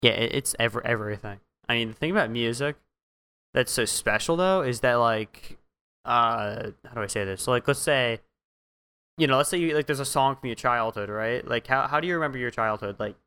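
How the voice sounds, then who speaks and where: A man's voice: mid-range voice, brisk, sharp tone, clean tone. A teenage boy chatting on a podcast, speaking earnestly and reflectively. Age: teens. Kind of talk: casual chat.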